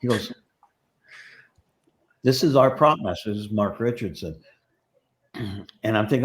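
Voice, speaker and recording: A man's voice: on the low side, brisk, pauses often. A middle-aged man, a prop master, rambling through casual stories in an interview and acting out the voices of people he quotes.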